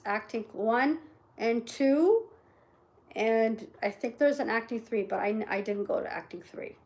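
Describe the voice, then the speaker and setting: A middle-aged woman chats casually to her camera with a somewhat high voice. She rambles and restarts, tossing in "right?" as she goes. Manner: rambling, chatty, frequent "right?" tag questions. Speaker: vlogger.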